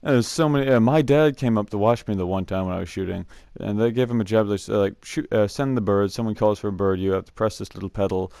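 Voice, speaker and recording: Hardly pausing, a young man rattles off rambling camp stories fast in a fairly low, warm voice with vocal fry, recorded dry in studio quality. It's a casual storytelling vlog from a scout camp storyteller who laughs often and fills gaps with "uh" and restarts.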